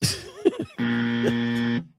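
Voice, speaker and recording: A man hosting a podcast, telling a story in a profane, animated way with frequent laughter. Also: medium pitch, very slow, dry recording, clean studio sound, soft background music. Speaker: podcast host. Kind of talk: casual monologue.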